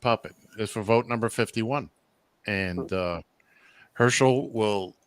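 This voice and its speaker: Speaking slowly in a lowish voice on a dry recording, a man from Long Island, New York co-hosts a casual political radio chat. He's blunt, opinionated, and teases the others.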